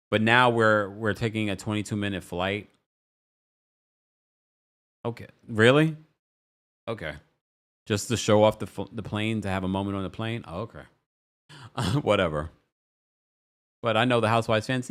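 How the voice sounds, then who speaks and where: A young man hosting a casual show recap, sassy and animated, who jumps into a high voice when he quotes people. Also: normal speed, long pauses. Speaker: recap host.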